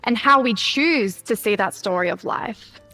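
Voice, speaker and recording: A woman giving a scripted public talk in a measured, earnest delivery. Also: on the high side, lively intonation, sharp tone, soft background music. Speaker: speaker at a conference talk.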